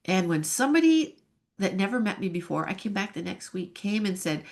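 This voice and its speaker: A woman in her fifties speaks as a podcast guest, telling her own story. Her voice is mid-pitched. She is earnest and openly emotional, and she laughs at herself now and then. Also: very animated, brisk, creaky, darkish tone. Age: 50s. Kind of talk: emotional personal testimony.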